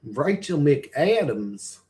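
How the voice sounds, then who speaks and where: A man's voice: fairly high pitch, very animated, drawn-out words, a little mellow. A man in a casual, rambling live-stream chat, swearing freely and chuckling often as he talks.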